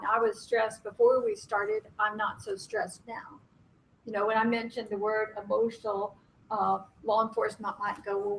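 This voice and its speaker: A fairly high-voiced woman leading a group workshop in a loose, conversational way. She is frank about herself and jokes at her own expense, breaking into laughs often. A faint hiss sits under her voice. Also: poor audio. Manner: candid, self-deprecating, laughs often. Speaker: workshop facilitator. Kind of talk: conference workshop facilitation.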